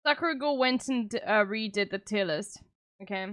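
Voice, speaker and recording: A woman's voice: medium pitch, normal speed, fairly bright tone, no echo. A young South African woman streaming live, chatting casually with her viewers in a blunt, sarcastic way and swearing often. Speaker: livestreamer.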